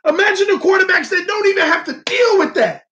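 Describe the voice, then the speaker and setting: A man's voice: very high voice, lively intonation, fast talker, sharp tone, lo-fi sound, a little hiss or hum. A man hosting a casual live-stream sports talk show, talking animatedly and straight to his viewers. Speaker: sports channel host.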